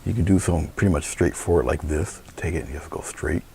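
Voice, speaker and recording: Very deep gravelly male painting teacher. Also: fast talker. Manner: relaxed, chatty, thinking aloud. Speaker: painting instructor. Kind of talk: live painting demonstration.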